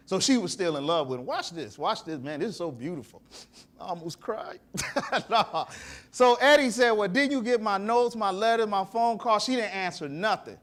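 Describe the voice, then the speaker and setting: High-voiced male host, lively storyteller. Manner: preachy storytelling, asks the audience questions. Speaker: talk show host. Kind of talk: animated talk to a live audience.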